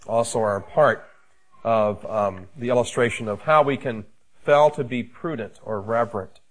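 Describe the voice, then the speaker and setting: A man, a pastor, preaching a sermon in a measured, emphatic way with frequent fillers. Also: mid-range voice, low-quality recording.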